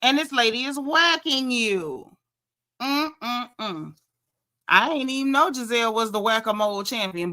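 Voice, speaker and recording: A woman casually recapping a reality show episode, gossipy and animated. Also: fairly high pitch. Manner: animated, gossipy, quotes people in lively asides.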